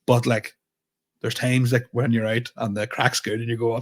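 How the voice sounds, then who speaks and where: A man's voice: medium pitch, level tone, normal speed. A man, a comedian co-hosting a podcast, telling a story in casual chat and acting out both sides of the dialogue, with plenty of swearing.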